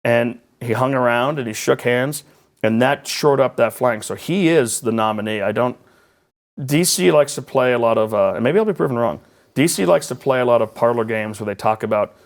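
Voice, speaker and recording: A man, a political journalist talking as a guest in a conversational interview, animated and rambling with sarcastic asides. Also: mid-range voice, normal speed.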